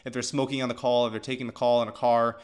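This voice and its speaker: A man's voice: mid-range voice, flat delivery, quick pace, smooth. Chatty man coaching on sales. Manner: loose and chatty, heavy filler words and restarts. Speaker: agency coach. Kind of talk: casual teaching of sales calls.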